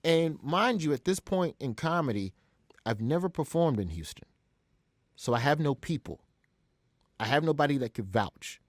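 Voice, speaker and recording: Animated male comedian telling a story. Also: fairly high pitch, normal speed, long pauses, no room sound, studio quality. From Alabama, US. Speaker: guest comedian. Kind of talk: storytelling in a podcast interview.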